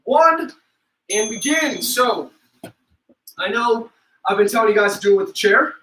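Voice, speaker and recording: A man's voice: high voice, animated, unhurried, a bit bright, reverberant, distant mic, a little hiss or hum, poor audio. A young man leading a live-streamed home workout as a fitness instructor, counting reps aloud and joking between sets.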